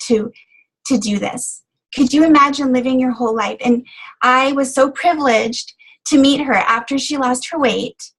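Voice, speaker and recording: An earnest middle-aged woman speaks as a health coach on a phone call, her voice sitting a little high. She sounds choked up and tearful, pausing on fillers as she shares her story. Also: fairly bright tone. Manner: earnest, emotional, frequent fillers. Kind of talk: motivational testimonial on a conference call.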